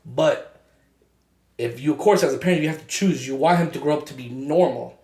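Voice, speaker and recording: A young man talking in casual chat as a podcast co-host, halting and full of fillers and restarts. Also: mid-range voice, darkish tone, reverberant.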